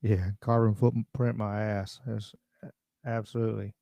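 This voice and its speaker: A man's voice: on the low side, little pitch movement, measured pace, creaky, no room sound, lo-fi sound. A man hosting a casual livestream talk show, blunt and rambling as he reacts to viewer comments. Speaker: podcast host.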